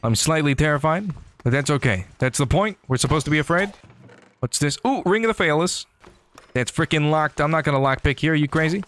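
A man giving excitable, joking commentary over his gameplay, often talking back to enemies on screen. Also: medium pitch, a little fast. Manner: excitable, jokey, talks to enemies. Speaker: gaming YouTuber. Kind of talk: game commentary.

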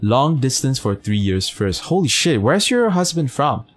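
A man with a mid-range voice streams a game at a normal speed, sounding very animated. He chats casually with his viewers and reads their messages, teasing them while commenting on the gameplay, his talk packed with fillers and swearing.

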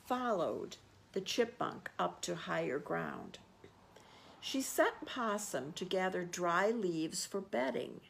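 A woman, a children's librarian, reading a picture book aloud and gently explaining words and pictures to children. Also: fairly low pitch, vocal fry, a little hiss or hum.

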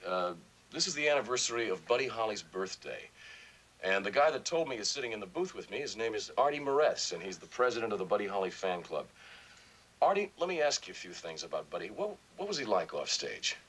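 An actor playing a middle-aged 1950s radio disc jockey with brisk, friendly patter, in a film drama. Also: male voice, lowish voice, sing-song, fairly bright tone, low-quality recording. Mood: on-air.

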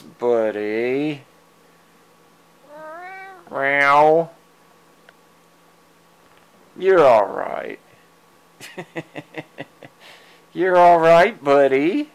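A man at home chatting fondly to his cats while filming them, meowing at them and chuckling softly, recorded on a handheld camera. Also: fairly high pitch, clear, resonant tone. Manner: fond, coaxing pet talk, meows at the cats, soft chuckles. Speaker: cat owner filming his pets. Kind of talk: casual talk to his cats. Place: at home indoors. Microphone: handheld digital camera mic.

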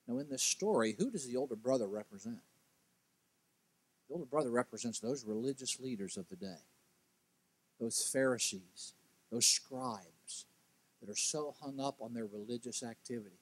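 A man preaching as a guest speaker at a church, telling a story with lively, animated delivery. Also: normal speed, long pauses, no echo. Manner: animated storytelling, acts out characters' quotes with big pitch jumps. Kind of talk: sermon.

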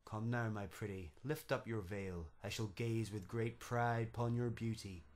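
A man voicing a vain, pompous otter king with a booming, indignant manner in a storybook verse reading. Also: a little slow, close to an everyday voice. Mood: pompous, gloating.

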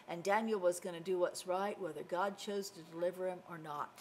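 A woman teaching a Bible lesson to children, telling the story in an animated way and acting out the voices. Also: fairly low pitch, moderate pace, hardly any pauses, a little hiss or hum.

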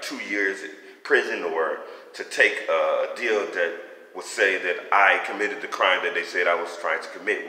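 A man's voice: on the low side, bright, forceful tone. A man giving a personal faith testimony in a fervent, rambling, conversational preaching manner. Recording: echoey room with long reverb.

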